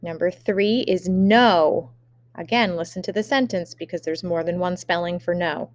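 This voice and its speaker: A woman teacher giving a remote spelling lesson, dictating words slowly and carefully with example sentences. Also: on the low side, no room sound.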